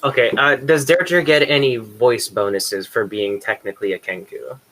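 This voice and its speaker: Bright-voiced man playing a tabletop game. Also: medium pitch, normal speed. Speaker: player. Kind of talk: casual tabletop game chat.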